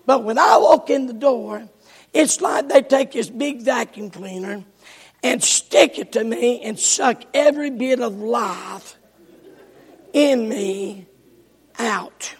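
A male pastor preaching a sermon, telling folksy stories with bursts of shouting, recorded in a church sanctuary. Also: very high voice, slow pace, slightly rough. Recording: echoey church hall.

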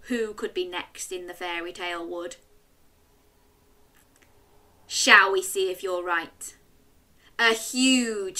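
A woman reading a picture book aloud to children, animated and asking her listeners questions. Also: medium pitch. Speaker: children's story reader.

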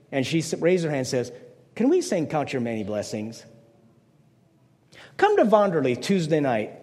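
A man's voice: a little high, a little mellow, big-room sound. An older man preaching a conversational sermon as pastor, playful, slipping into mock voices to make his points.

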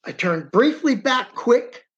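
His voice is extremely high and expressive, captured in a muffled recording. He's an interviewed eyewitness telling his account dramatically in the first person, with emphasis, stopping to direct whoever moves a map on screen.

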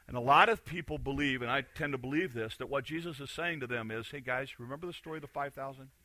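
A man's voice: medium pitch, fast, pushed and bright, no room sound. A man preaching a sermon in a conversational, emphatic way, repeating key phrases. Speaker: pastor.

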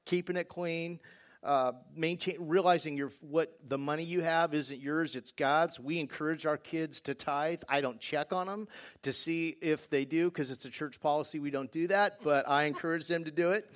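A man's voice: on the high side, moderate pace. A middle-aged man and father, talking casually and wryly about his family's rules. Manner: casual, wry, with fillers. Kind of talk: personal talk on parenting.

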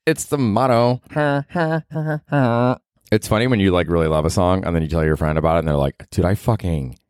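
A man's voice: on the low side, normal speed, darkish tone, clear, resonant tone, dry recording, studio quality. A man hosting his own podcast, talking in a rambling, profane, self-mocking comedic monologue. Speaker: podcast host.

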